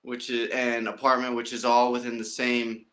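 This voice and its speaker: A man's voice: medium pitch, monotone, normal speed, a bit bright. A man hosting a podcast in casual interview chat, upbeat and playful with joking asides. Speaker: podcast host.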